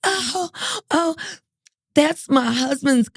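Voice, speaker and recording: A woman's voice: high voice, extremely slow, vocal fry, no room sound, studio quality, pitched above the performer's own voice, full character voice. Woman putting on a coaxing, breezy hostess voice. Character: sweet-talking woman hostess hiding dark secrets.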